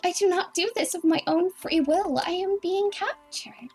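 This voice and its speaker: A woman's voice: very high-pitched, normal speed, faint music behind, pitched above the performer's own voice. A woman with an Australian accent voicing a cutesy, baby-talking uwu girl in an exaggerated cute whine. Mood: mock-cute.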